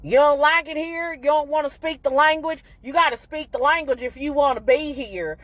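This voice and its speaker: A woman's voice: high-pitched, moderate pace, fairly bright tone, no room sound. A woman speaking casually in a blunt, indignant way. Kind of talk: casual commentary.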